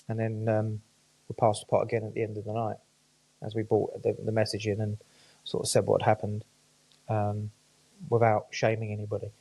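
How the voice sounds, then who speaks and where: A man's voice: lowish voice, creaky, warm tone. A man, a podcast guest telling his stories casually, swearing freely and acting out the voices of people he quotes. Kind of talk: casual storytelling chat.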